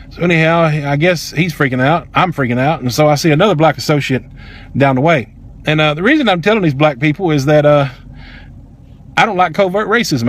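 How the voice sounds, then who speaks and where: A man, angrily telling a personal story in a heated, profane, emphatic way. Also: fairly high pitch. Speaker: vlogger.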